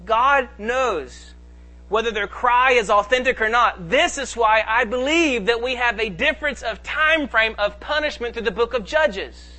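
A male pastor delivering a sermon in a very high, bright voice. He reads scripture aloud and presses his points with sudden rises and drops in volume. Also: a little slow.

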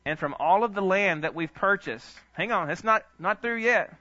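A male pastor, telling stories in a sermon with an animated, chuckling manner. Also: sits high, normal speed, dry recording. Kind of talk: storytelling sermon. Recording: dull lo-fi dry sound.

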